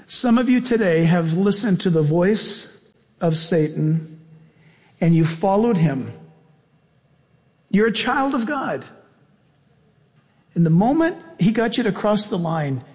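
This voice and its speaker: Slow high-voiced preacher in a reverberant hall. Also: male voice, animated, a little mellow. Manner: earnest, exhorting, drawn-out phrasing. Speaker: pastor. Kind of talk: sermon with closing prayer. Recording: long reverb, faint music.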